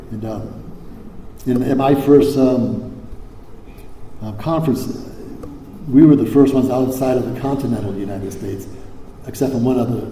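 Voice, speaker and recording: A man's voice: medium pitch, dark tone, a little hiss or hum. An older man from Hawaii speaking at a recovery convention, rambling with many fillers and restarts and some salty language. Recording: echoey hall, faint ambience.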